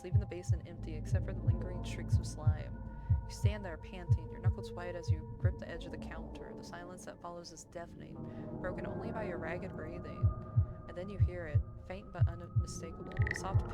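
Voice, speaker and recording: A young woman streamer reading a horror visual novel aloud, dramatic narration broken by giggles and reactions. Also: lowish voice. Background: game music.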